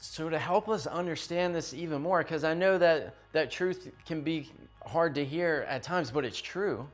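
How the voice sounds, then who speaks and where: Young guy youth pastor preaching, kinda high voice, chatty and emphatic, faint music behind. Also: moderate pace. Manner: conversational, emphatic, asks "right?" often. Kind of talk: youth sermon.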